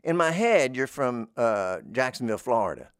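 A man's voice: medium pitch, sing-song, normal speed, clean tone, no echo, studio quality. A man hosting a comedic interview, talking in a rambling, digressive way. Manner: rambling, digressive, with playful voices. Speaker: host.

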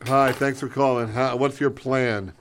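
A man hosts a comedy call-in radio show in a level, middle-pitched voice. He keeps the jokes deadpan and lets fillers break up his sentences. The delivery stays casual and unforced. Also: background noise. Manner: deadpan joking, halting with fillers. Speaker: radio host.

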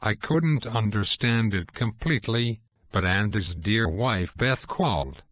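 A man filling in as host, introducing archived radio clips in a plain, even read. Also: fairly low pitch, a little slow, no echo. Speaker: fill-in host of a clip show. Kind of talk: scripted radio narration.

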